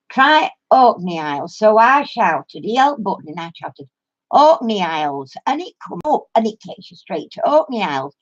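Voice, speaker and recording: A woman's voice: mid-range voice, darkish tone. An older woman with a Yorkshire accent, a craft vlogger chatting to viewers and telling a story with lots of laughter. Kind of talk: casual chat to viewers. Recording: muffled lo-fi recording.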